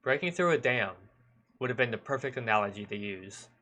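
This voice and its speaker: A man streamer reading a visual novel aloud in measured narration with occasional stumbles. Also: mid-range voice, animated, sharp tone.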